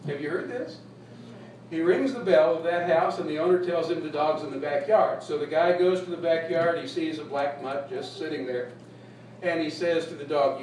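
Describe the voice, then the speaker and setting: A man's voice: fairly high pitch, moderate pace, a little mellow. Folksy preacher man, echoey and distant. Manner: folksy, humorous, laughs at own jokes. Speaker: pastor. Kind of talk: sermon. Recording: echoey room, distant mic, faint noise.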